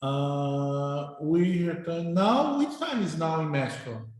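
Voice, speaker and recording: A middle-aged male professor, speaking informally to his class in halting English, often repeating words. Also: on the high side, expressive, darkish tone. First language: Portuguese. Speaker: university professor. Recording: very echoey room.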